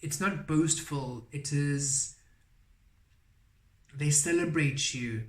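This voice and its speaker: A man giving a spiritual tarot reading, speaking softly and repeating affirmations in a roomy, echoey recording. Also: on the high side, takes it slowly. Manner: soft-spoken, repeats affirmations. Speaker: tarot reader. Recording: roomy echo.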